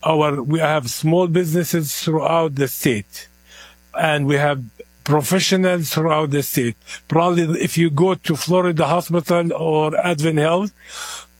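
A man's voice: a little high, fairly even intonation, measured pace, no echo. A middle-aged man with a heavy Palestinian Arabic accent, speaking earnestly as an interview guest. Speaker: community organizer, guest. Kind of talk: interview at an event.

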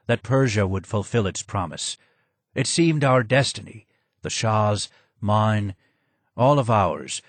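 A man voicing a broken, maimed old male former royal advisor, speaking low, hoarse, slow and sad. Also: no echo.

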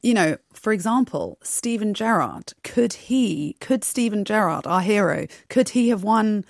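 A woman's voice: mid-range voice, lively intonation, measured pace, creaky, dry recording. A woman speaking as a studio guest on a radio panel, chatty and musing. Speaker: studio guest, football fan.

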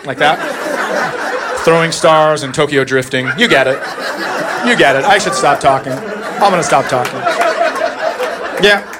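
A man's voice: a little high, normal speed, long pauses. A man doing a stand-up set, telling a story in an exasperated way and putting on other people's voices. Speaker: stand-up comedian. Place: comedy club stage before a laughing crowd. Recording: live club recording with crowd noise.

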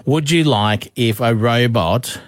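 A man's voice: medium pitch, slow, no echo, studio quality. A man in his forties with an Australian accent, hosting a radio show in playful, casual banter. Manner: playful, laughing often. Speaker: radio breakfast host.

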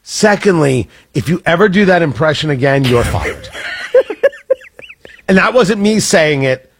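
A man's voice: a little high, very animated, measured pace, a little hiss or hum. A man hosting a radio show with a Midwestern accent, joking and laughing at himself through on-air banter. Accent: American Midwest. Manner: joking, self-deprecating, laughs often. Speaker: radio host.

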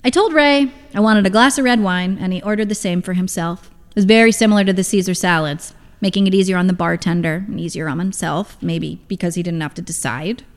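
A woman's voice: fairly low pitch, fairly quick, hardly any pauses. A woman reading a first-person story aloud in a wry, reflective tone, with a long hall reverb on the recording. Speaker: reader.

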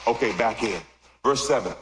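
A middle-aged man preaching a sermon, swinging from loud shouts to quiet asides. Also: normal speed, background noise. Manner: animated, jumps from loud shouts to low asides. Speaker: pastor. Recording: echoey hall with long reverb.

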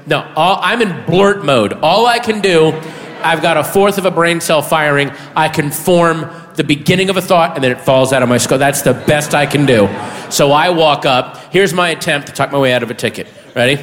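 A man doing a stand-up comedy set, animated and bursting into shouted punchlines, on a stage before an audience. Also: a little high, normal speed. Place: large hall with audience. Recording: live hall with crowd noise.

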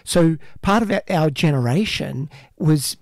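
A man's voice: on the high side, lively intonation, unhurried, vocal fry, darkish tone, no echo, studio quality. A man in his fifties co-hosting a casual political discussion, earnest and often restarting his phrases. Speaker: co-host.

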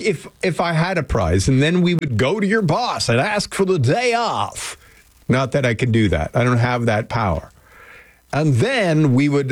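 A man with a slightly high voice hosts a casual morning radio show, rambling, chatting, and poking fun at himself with listeners and co-hosts. He's on a studio microphone, and the recording is dry.

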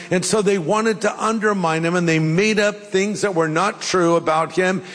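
An older man preaching a sermon, telling folksy stories with jokes and pauses. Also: sits high, a bit bright. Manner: folksy, jokey storytelling with pauses. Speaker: pastor. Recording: long hall reverb.

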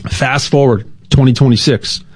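A man giving a loose, rambling sales pitch for buying gold, stumbling over repeated words and throwing in jokey asides. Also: fairly even intonation, normal speed, husky, no room sound. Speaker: gold dealer spokesman.

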